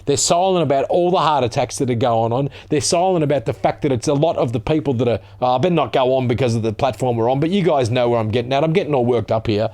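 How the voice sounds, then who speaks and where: A man's voice: mid-range voice, quick pace, hardly any pauses, darkish tone. An Australian man ranting sarcastically as a vlogger, reading out a news article and swearing as he gets heated.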